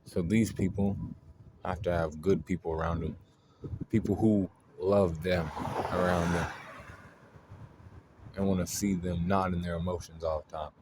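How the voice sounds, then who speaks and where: A man's voice: deep voice, steady tone, a little slow, pauses often, noisy background. A man hosting an astrology video, talking in a loose, rambling way, full of fillers and swearing. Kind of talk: casual spoken monologue.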